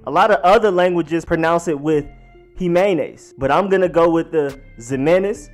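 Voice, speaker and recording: A man hosting a sports vlog, casually explaining how to pronounce names, slowly spelling out each one and repeating it. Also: a little high, faint music behind. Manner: slowly sounds out each name, then repeats it. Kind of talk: pronunciation guide, casual explainer.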